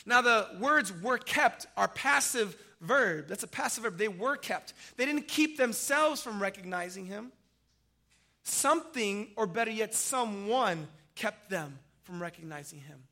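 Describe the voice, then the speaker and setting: A pastor preaching a sermon, retelling a scripture story vividly and swinging from loud emphasis to hushed, quiet lines. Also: male voice, high voice, lively intonation, measured pace.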